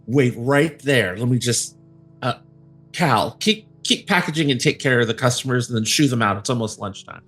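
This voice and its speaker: A man's voice: mid-range voice, animated, moderate pace, fairly bright tone, faint music behind. A man voicing an emotional lion woman who runs a lantern shop, gushing and clingy, in a tabletop game. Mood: welcoming. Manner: effusive, tearful, clingy.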